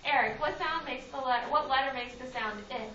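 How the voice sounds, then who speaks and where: A woman's voice: sits high, a little fast, pushed and bright, a little hiss or hum. A woman teaching a phonics lesson to young children, calling on students by name and giving firm directions in a sing-song way. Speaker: kindergarten teacher. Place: classroom with children on a rug. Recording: roomy, distant, dull classroom camera recording. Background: children's voices.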